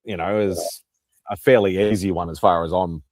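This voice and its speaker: A man with an Australian accent chatting casually on a panel, relaxed and full of slang. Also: low-pitched, normal speed. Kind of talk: casual chat.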